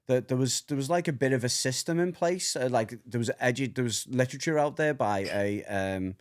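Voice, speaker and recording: A man's voice: mid-range voice, brisk. A middle-aged man, co-hosting a podcast in casual, rambling chat, repeating himself and laughing often. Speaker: podcast co-host, dog trainer.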